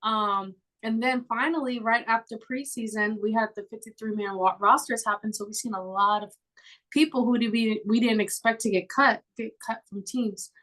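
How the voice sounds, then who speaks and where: Female co-host, a bit higher voice, chatty and keen sports talk. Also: fairly even intonation, normal speed, fairly bright tone, rough recording. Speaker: podcast co-host. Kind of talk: casual sports podcast chat.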